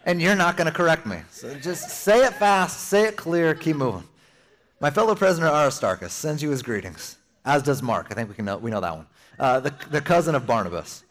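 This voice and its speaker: A young man preaching a sermon as pastor, conversational and animated, slipping in playful asides. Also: mid-range voice, fast.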